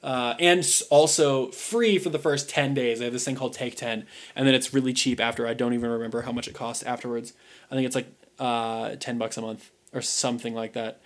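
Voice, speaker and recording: A young man chats casually as a podcast co-host, wandering from thought to thought with plenty of "like" and "um". His voice sits in an ordinary middle pitch. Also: steady tone, brisk. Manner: rambling, lots of "like" and "um" fillers. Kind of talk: casual chat.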